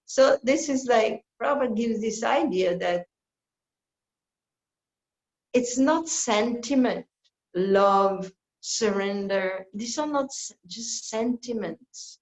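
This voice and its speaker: A woman's voice: medium pitch, lively intonation. A woman giving a reflective scripture class as a sermon, speaking earnestly and acting out little quoted exchanges to make her point. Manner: slow, earnest teaching with playful acted-out quotes. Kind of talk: sermon-style reflective reading. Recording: roomy, dull lo-fi recording.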